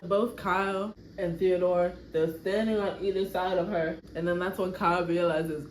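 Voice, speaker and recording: A woman in a chatty, animated storytime, narrating her life-sim game and often laughing. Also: lowish voice, normal speed, hardly any pauses. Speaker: vlogger. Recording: echoey room, faint background noise.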